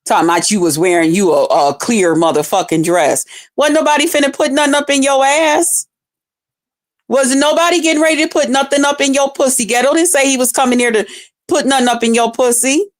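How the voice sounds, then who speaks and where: A woman streamer with a high-sitting voice talks a little fast, delivering a scornful, confrontational rant online. Her profane commentary is packed with constant cursing.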